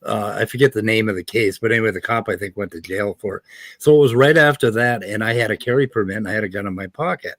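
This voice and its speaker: A man from the United States telling a story casually, animated and swearing often. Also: on the low side, quick pace, dry recording. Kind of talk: casual conversation.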